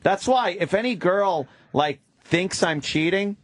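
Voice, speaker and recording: Radio guy a bit high voiced, laughing at himself, cursing, telling dumb stories. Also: expressive, measured pace, dry recording. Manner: self-mocking, laughing, profane storytelling. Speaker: radio show regular. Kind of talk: casual radio chat.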